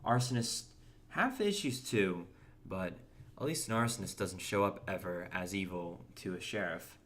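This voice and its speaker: A man's voice: deep voice, animated, normal speed, a bit bright, a little hiss or hum. A young man chatting casually while streaming a game, reading and answering chat and often restarting his words. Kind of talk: casual gameplay commentary.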